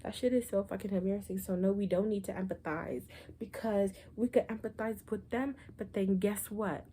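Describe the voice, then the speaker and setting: Woman going off on a rant, swears a lot, sarcastic, mellow kinda dark voice. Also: mid-range voice, moderate pace, a little hiss or hum. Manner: blunt, profane, sarcastic, exasperated. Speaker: vlogger. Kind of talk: political rant to camera.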